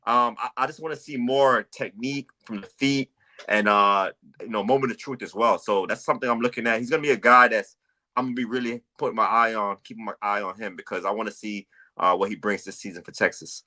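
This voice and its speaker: On a football podcast, a co-host talks scouting casually and animatedly, often stammering and restarting his sentences. His voice is fairly low and fairly even in intonation, with a bright, forceful tone and a slightly quick delivery.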